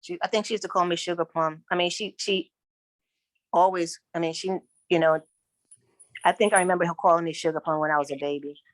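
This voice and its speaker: A woman answering questions at a spiritual reading, speaking haltingly with repeated restarts. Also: fairly low pitch, steady tone, dry recording. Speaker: client at a psychic reading. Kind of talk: casual conversation.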